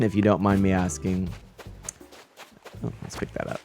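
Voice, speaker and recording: A man with a somewhat low voice gives live commentary on a fishing game. He talks casually to his viewers, reading their messages and laughing often. Faint game music plays behind him. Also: normal speed, long pauses. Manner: chatty, reads out chat and greets viewers, nervous excited laughs. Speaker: game streamer.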